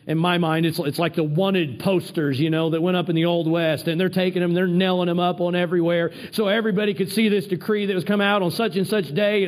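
A man preaching a sermon, retelling a Bible story with animated asides and repeated words. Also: sits high.

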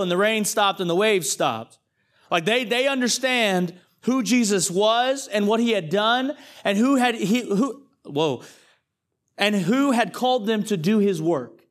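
A male pastor gives a casual, conversational sermon, reading scripture and stopping to joke with the congregation. His voice sits fairly high for a man. He grows animated as he retells the story. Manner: joking, animated, talks straight to the congregation.

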